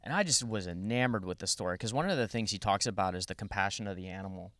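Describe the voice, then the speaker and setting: A man appearing as a podcast guest, telling a long story in a rambling, animated way with many restarts. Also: fairly low pitch, fast talker, no echo. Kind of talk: casual storytelling.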